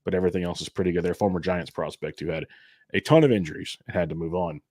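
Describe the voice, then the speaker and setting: A man's voice: low voice, fairly even intonation, racing, a little mellow, no echo, studio quality. A man co-hosting a fantasy baseball podcast, talking casually and a bit sarcastically. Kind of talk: casual sports chat.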